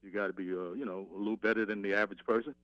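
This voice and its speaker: A man calling in to a radio show, rambling and halting, with many fillers. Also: fairly low pitch, steady tone, no room sound. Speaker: caller. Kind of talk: phoned-in radio chat. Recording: dull, dry phone line.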